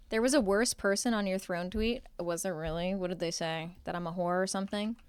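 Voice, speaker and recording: A woman's voice: mid-range voice, moderate pace, a little mellow, clear, resonant tone, no room sound. A young woman live streaming from home, chatting casually with her viewers and answering their chat with playful sarcasm.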